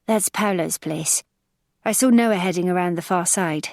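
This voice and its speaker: A woman voicing a drunk young woman who talks with a slow slur in an audiobook. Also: on the low side, vocal fry, a little mellow, no echo, studio quality. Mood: offhand. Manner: slurred, slow, lazy. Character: drunk young woman, slurring, cool and watchful.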